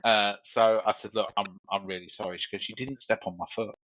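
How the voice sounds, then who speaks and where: A man's voice: on the low side, fairly even intonation, fairly quick, a bit bright, a little hiss or hum. A man co-hosting a podcast, telling a long story in a rambling, swearing, repetitive way. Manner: rambling, swears, repeats himself. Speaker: podcast co-host. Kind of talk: casual storytelling chat. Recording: dull lo-fi sound.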